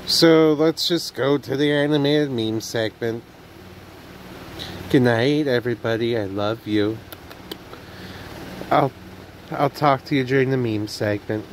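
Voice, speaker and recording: A man's voice: medium pitch, measured pace, long pauses, slight background noise, poor audio. A man vlogging in a casual, rambling late-night monologue, tired and yawning, sighing and trailing off. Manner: rambling, self-talking, sighs and trails off.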